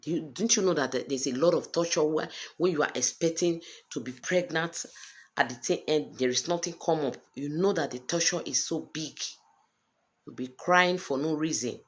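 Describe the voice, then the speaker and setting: A woman's voice: low-pitched, moderate pace. A Nigerian woman in her thirties talking straight to camera in a personal vlog, speaking in an emphatic, earnest way and repeating her points. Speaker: vlogger sharing a personal story.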